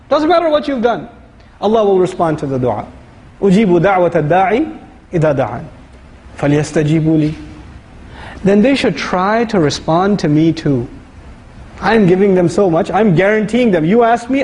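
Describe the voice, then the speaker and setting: A man giving a lively, conversational sermon-style lecture, reciting Arabic verses and explaining them. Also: sits high, normal speed, in a large hall, low-quality recording. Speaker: Islamic lecturer.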